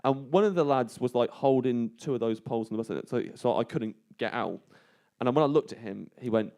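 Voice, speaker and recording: A man's voice: medium pitch, brisk, hardly any pauses. Rambling self-mocking man spinning a live yarn. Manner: rambling, self-deprecating, breaks into laughter; hushed and tense when re-enacting fear. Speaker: comedian guest telling a story. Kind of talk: live comedic storytelling. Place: live venue on stage.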